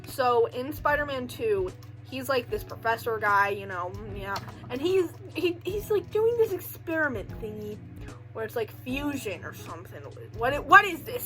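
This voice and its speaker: A woman's voice: fairly high pitch, low-quality recording. A young woman casually recapping a film in a rambling way, full of "like" and joking asides. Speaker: video creator recapping a film.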